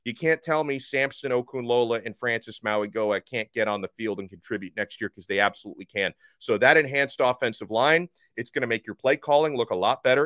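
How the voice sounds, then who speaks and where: A man hosting a solo sports podcast, talking fast and with enthusiasm. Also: lowish voice, fairly bright tone, no room sound, clean studio sound.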